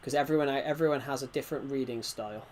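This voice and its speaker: A man's voice: medium pitch, fast talker, slight background noise. A man casually chatting to viewers while streaming a game, rambling and restarting sentences as he reacts to the chat. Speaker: game livestreamer.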